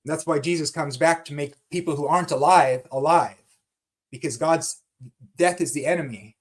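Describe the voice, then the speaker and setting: A man teaching about the Bible in a fervent, excited way, often repeating words as he goes. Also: on the high side, normal speed. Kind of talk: passionate teaching talk.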